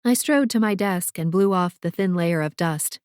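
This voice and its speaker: A woman's voice: lowish voice, normal speed, a little mellow, clean tone, dry recording. A woman narrating a first-person novel for an audiobook in a dry, wry way, on a close studio mic.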